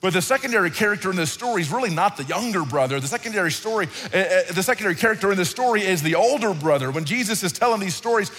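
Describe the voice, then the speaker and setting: Pastor preaching in a big hall. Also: male voice, high-pitched, very fast, hardly any pauses. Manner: animated, conversational preaching with repetitions. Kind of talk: sermon. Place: large hall, church service. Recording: reverberant hall with faint music.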